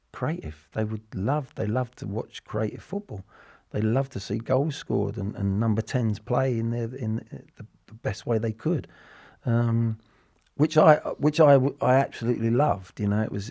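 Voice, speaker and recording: English man, sixties, dark mellow voice, dry close sound, rambling interview chat. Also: lowish voice, moderate pace, vocal fry, dry recording. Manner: rambling, with frequent restarts and repeated words. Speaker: interview guest, former footballer. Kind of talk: casual reflective interview talk.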